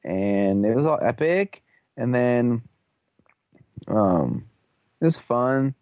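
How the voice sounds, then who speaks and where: A man's voice: medium pitch, sing-song, slow pace, darkish tone, dry recording. A young man casually recapping a TV episode, rambling and playful, full of slangy asides and goofy quoted voices.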